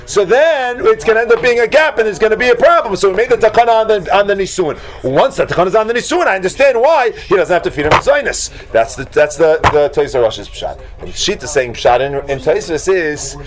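Animated man teaching a Talmud class. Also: high-pitched. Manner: animated, acts out voices in the debate, bursts into shouts. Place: classroom with students.

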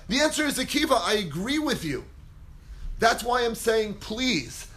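Animated high-voiced man giving a Torah lecture. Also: normal speed. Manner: dramatic, acts out quotes, big swings in pitch and volume. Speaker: rabbi teaching a class.

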